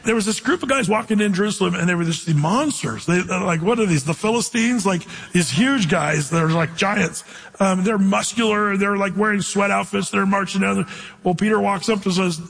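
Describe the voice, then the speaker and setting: A man preaching a conversational sermon, reading scripture slowly and telling stories along the way. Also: sits high, gravelly, a bit bright, breathy edge, long reverb tail. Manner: conversational, tells anecdotes, reads scripture slowly. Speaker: pastor. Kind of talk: sermon teaching through scripture.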